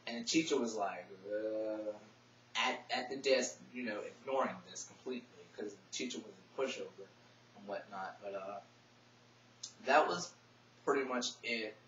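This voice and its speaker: A young man telling a personal story to his vlog audience, soft-spoken and emotional, teary at times. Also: on the low side, normal speed. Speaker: vlogger. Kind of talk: casual personal storytelling to camera. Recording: echoey, distant, dull webcam audio with faint hum.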